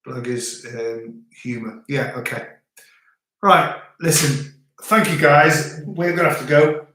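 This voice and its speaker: A man's voice: a little high, slow pace, sharp tone. Chatty man in an echoey room. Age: middle-aged. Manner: reads out viewer comments, chatty, tries French words. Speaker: livestream host. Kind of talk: casual live chat. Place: home, indoors.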